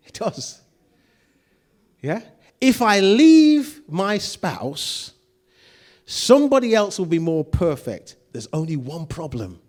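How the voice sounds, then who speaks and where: A man's voice: high voice, sing-song, slow, long pauses, darkish tone. A man preaching a sermon, acting out quoted voices and putting questions to the congregation. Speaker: pastor.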